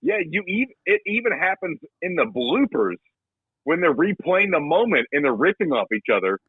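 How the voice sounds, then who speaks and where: A man's voice: on the high side, very animated, normal speed, slightly rough, no room sound. A young man co-hosting a podcast, joking crudely and swearing a lot in casual chat. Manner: crude, profane, jokey. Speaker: podcast co-host. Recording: dull lo-fi podcast audio.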